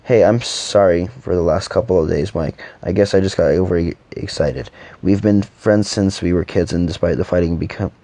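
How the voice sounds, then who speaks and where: Deep-voiced man reading a story. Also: steady tone, warm tone, dry recording. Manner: halting delivery with frequent stumbles and restarts. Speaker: narrator voicing every character. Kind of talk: amateur reading of a fantasy story.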